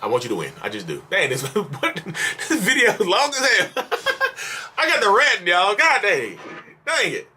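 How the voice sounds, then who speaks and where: A man's voice: sits high, huge pitch swings, moderate pace, pushed and bright, slightly rough. A man ranting in an exasperated, repetitive, pleading way at his viewers in a vlog monologue, calling them y'all. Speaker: mental health vlogger.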